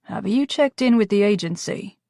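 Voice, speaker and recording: A woman's voice: medium pitch, expressive, normal speed, vocal fry, no room sound, studio quality. A woman reading the lines of a worried male coworker in an audiobook, sounding urgent and concerned. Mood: steady. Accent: Australian, as written. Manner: urgent, then softening. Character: worried man, coworker of the heroine.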